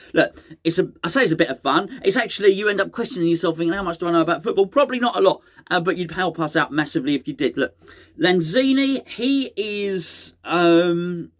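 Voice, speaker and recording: Chatty man, slightly high voice. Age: middle-aged. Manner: rambling, chatty, self-correcting. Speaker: fan channel host. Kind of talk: casual solo fan chat to camera.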